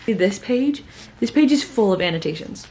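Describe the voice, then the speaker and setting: This young book vlogger, a college student in her twenties, sounds tired yet gushes about books in a casual reading vlog, using lots of fillers. She speaks at normal speed with a mid-range, expressive, warm voice.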